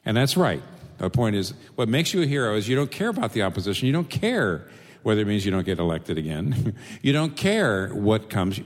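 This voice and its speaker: A man's voice: lowish voice, sing-song, brisk, big-room sound. A male preacher giving a sermon, asking rhetorical questions and repeating phrases for emphasis.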